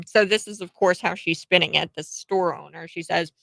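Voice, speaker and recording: A woman's voice: fairly low pitch, steady tone, moderate pace, gravelly, a bit bright, no echo, rough recording. A woman hosting a commentary show, talking in a chatty, sarcastic way with many filler words and short laughs. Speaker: host. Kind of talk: political commentary.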